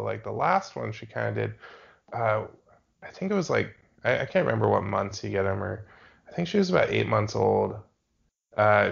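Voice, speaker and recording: A man co-hosting a podcast, chatting casually in a halting way with many fillers. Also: on the low side, creaky. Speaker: podcast co-host. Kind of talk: casual chat. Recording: dull lo-fi podcast audio.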